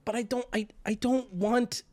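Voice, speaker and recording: A man's voice: very high-pitched, steady tone, moderate pace, warm tone. A man hosting a stream, telling stories in casual chat, rambling and self-mocking with stammered restarts. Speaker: streamer host.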